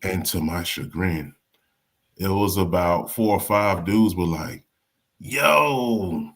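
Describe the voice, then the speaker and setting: A man hosting a casual political chat, talking in an animated way, repeating words and acting out quotes. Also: low voice, unhurried. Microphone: live stream mic.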